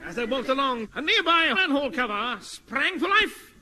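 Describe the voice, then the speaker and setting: An excitable, gullible young hero with a very high, eager and theatrical voice that bounces around in pitch. He giggles through his lines. He is heard on an old radio comedy recording under loud hiss. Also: moderate pace. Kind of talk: 1950s radio comedy acting.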